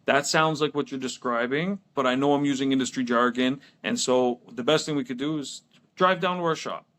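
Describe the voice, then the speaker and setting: A man's voice: mid-range voice, a little fast, fairly bright tone. A man co-hosting a business podcast, talking casually and telling stories with many restarts and laughs. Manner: storytelling with lots of restarts and laughs. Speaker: podcast co-host. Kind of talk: casual chat.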